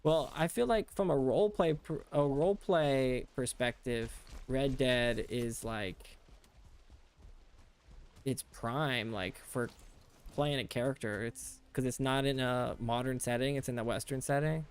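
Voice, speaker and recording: A man's voice: medium pitch, measured pace, smooth. An American man chatting casually with his stream chat while playing a game, rambling and talking things through as he goes. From United States.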